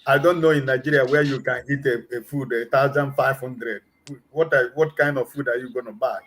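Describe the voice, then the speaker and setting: A man on an online panel discussion, explaining calmly with frequent filler sounds. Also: medium pitch, a little fast, rough recording.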